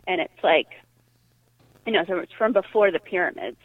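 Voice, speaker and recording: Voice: mid-range voice, expressive, moderate pace, dry recording. A podcast guest from Massachusetts chatting casually over a call, hesitant with many fillers. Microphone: phone or call line. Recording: tinny dry phone line.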